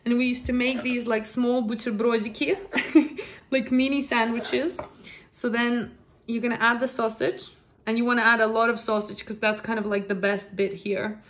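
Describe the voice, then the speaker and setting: A young woman chatting casually in a home kitchen while showing a recipe, excitable and laughing often. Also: fairly high pitch, normal speed, slight background noise. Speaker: cooking vlogger. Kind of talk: casual cooking demonstration.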